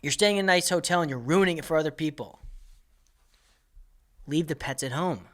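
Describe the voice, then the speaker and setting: A man's voice: on the high side, fairly quick, fairly bright tone. Exasperated man ranting in a comic monologue. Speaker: comedian and podcast host. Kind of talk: comedic rant monologue.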